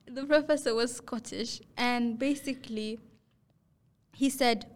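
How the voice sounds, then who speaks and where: Young woman, podcast host, higher voice, animated storyteller who acts out quotes. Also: measured pace. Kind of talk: casual storytelling chat.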